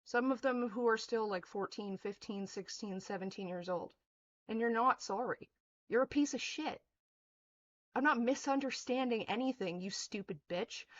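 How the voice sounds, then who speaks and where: A woman's voice: a little high, lo-fi sound. A young woman on her own video, ranting in fury with heavy profanity and cutting insults, at times mocking others in a sneering voice. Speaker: vlogger. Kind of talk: angry rant to camera.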